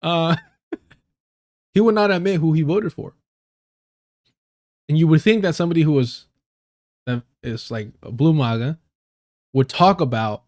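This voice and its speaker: A man's voice: on the high side, lively intonation, moderate pace, long pauses. A man hosting a live stream, telling casual stories in a loose, rambling way, swearing freely and laughing often. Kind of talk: casual storytelling.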